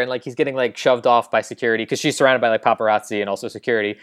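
A man's voice: medium pitch, rapid-fire, hardly any pauses, dry recording. Male podcast co-host, casual rambling recapper, dry close sound. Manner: rambling, lots of "like" and quoted lines.

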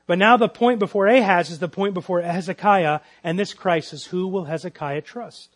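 A pastor with a notably high voice preaches through scripture before a church congregation. He presses home his points with repeated, emphatic rhetorical questions. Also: moderate pace. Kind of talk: expository sermon.

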